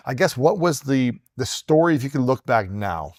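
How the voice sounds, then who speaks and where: A man's voice: medium pitch, expressive, moderate pace, no echo, clean studio sound. A man hosting an interview, asking musing questions and giving short, attentive replies. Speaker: podcast host. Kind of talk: conversational interviewing.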